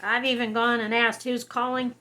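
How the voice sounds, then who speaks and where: A woman's voice: a little high, flat delivery, normal speed, pushed and bright. A woman vlogger giving casual advice to camera, chatty, laughing often and acting out her phone replies.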